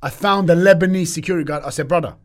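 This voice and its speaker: A man's voice: a little high, rapid-fire. A man chatting casually as a podcast guest, telling stories with lots of slang. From Turkish heritage. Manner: animated storyteller, laughs often, British slang. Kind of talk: casual chat.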